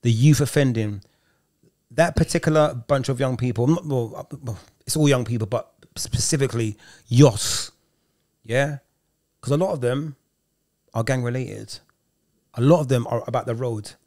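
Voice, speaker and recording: A man co-hosting a podcast, telling stories in a lively, slangy, casual way. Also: mid-range voice, normal speed, long pauses. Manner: animated storyteller with street slang. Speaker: podcast co-host, youth worker.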